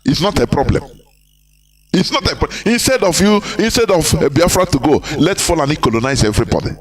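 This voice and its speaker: Man, fairly high voice, live broadcast, emphatic and repetitive, faint music behind. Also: lively intonation, a little fast. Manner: emphatic, repetitive, fires rhetorical questions at listeners. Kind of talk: impassioned live political broadcast.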